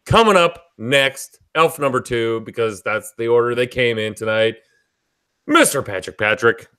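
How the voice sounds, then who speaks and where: A man hosting a live podcast, joking loudly and swearing freely in casual chat. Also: medium pitch, moderate pace, clear, resonant tone. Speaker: podcast host.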